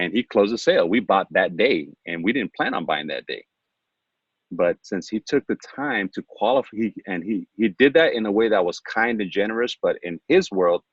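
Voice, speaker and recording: Brief: deep-voiced male sales trainer, chatty and coaching, dry slightly dull recording. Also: brisk, breathy edge, no echo. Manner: coaching, asks rhetorical questions, role-plays pitches. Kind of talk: training presentation.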